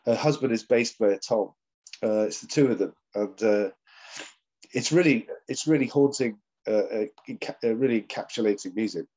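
A man's voice: on the low side, moderate pace, a little mellow. A man, a session drummer as the guest, telling rambling anecdotes full of fillers and laughs over a video call. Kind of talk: casual interview chat. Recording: dull lo-fi sound.

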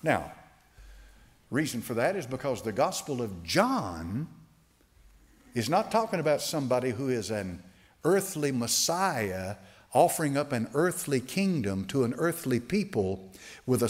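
Animated male preacher, emphatic. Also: mid-range voice. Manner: emphatic preaching with slow drawn-out quotes; fillers and repeated restarts. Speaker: pastor. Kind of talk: sermon.

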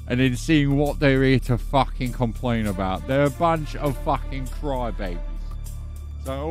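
A foul-mouthed man ranting as judge in a comedy courtroom sketch, his pitch lurching up and down. Faint music sits behind him. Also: a little mellow. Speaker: host playing a judge.

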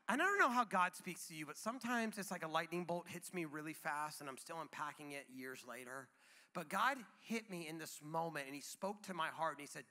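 A man in his thirties preaching a sermon in a church, telling a playful family story in an animated way. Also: a little high, brisk, big-room sound. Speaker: pastor. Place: church auditorium.

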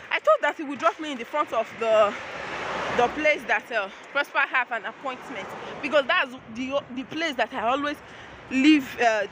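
A woman's voice: high voice, noisy background. A young woman with a Nigerian accent, vlogging to her phone while walking the streets, exclamatory and rambling with many restarts. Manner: exclamatory, rambling, retells annoyances with repeated restarts. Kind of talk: casual vlog chat to camera. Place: outdoors on city streets, walking with a stroller.

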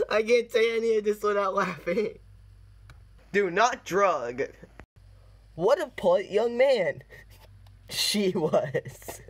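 A man reading funny posts and signs aloud, with dry jokey commentary and bursts of laughter. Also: high voice. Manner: deadpan reading broken out by laughing fits. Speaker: commentary video host.

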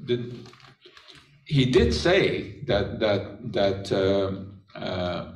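A man hosting a science show, giving a measured, explanatory talk. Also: deep voice, darkish tone. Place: public library talk room. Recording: echoey room, voice from a distance.

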